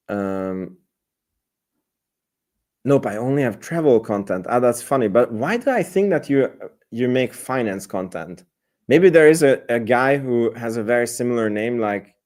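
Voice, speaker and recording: A man's voice: medium pitch, expressive, moderate pace, long pauses, darkish tone. A man hosting a live stream, chatting loosely about selling options and answering viewer comments, with many fillers and restarts. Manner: rambling, reads and answers chat comments. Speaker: host.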